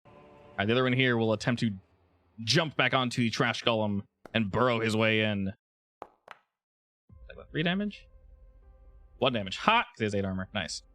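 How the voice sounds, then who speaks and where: A man running a tabletop game as game master, narrating in a relaxed way with frequent restarts. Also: mid-range voice, normal speed, long pauses.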